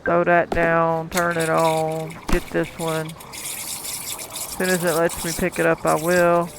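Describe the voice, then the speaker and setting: A man's voice: a little high, completely flat delivery, slow pace, vocal fry, background noise. A man casually commenting while playing a cooking game, talking to the customers and chuckling often. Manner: chatty, talks to the game's customers, chuckles often. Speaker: gameplay commentator.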